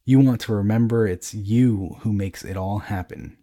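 A man's voice: on the low side, moderate pace, natural voice. A man playing a bellowing drunken emperor. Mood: mocking. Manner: loud, jeering, theatrical outbursts. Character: boisterous drunken male emperor, bellowing and mocking.

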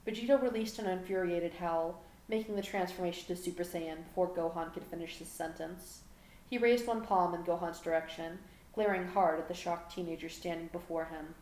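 A woman reading a fan fiction story aloud at a steady, even pace, recorded at home. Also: on the low side, a little fast. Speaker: fan fiction audiobook reader. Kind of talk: story narration. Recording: echoey room with faint background hum.

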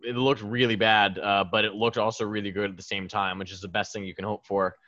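A man's voice: on the low side, flat delivery, a little fast, bright, forceful tone, no echo. A man co-hosting a podcast, rambling through a casual wrestling recap with lots of ums and chuckles. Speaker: podcast co-host. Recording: dull lo-fi mic.

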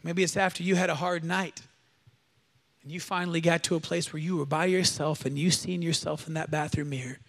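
A man's voice: fairly high pitch, fairly even intonation, a little fast, creaky. A male pastor preaching a sermon at a church service, emphatic and exhortative, leading the congregation in call-and-response.

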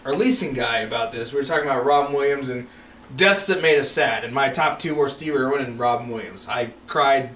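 Male podcast co-host, animated and foul-mouthed, bright tone, recorded off-mic in an echoey room. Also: mid-range voice, a little fast, slight background noise. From Colorado. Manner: swears a lot, animated storyteller. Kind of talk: casual profane chat.

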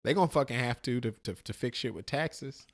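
This middle-aged man, co-hosting a podcast, speaks in a mid-range voice at a brisk clip. Casual and profane, he recounts his trip in lively storytelling, performing the quotes of the people he met.

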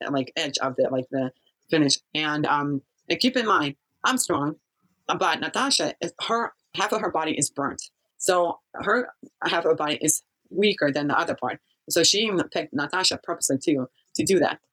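A woman telling her own story as a guest in an interview, speaking haltingly with many pauses and restarts. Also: sits low, a bit bright, rough recording.

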